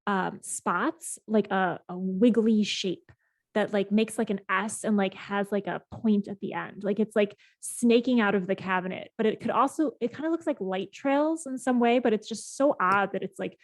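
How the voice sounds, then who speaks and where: A woman's voice: medium pitch, moderate pace. A woman game master narrating a tabletop game in meandering descriptions full of fillers.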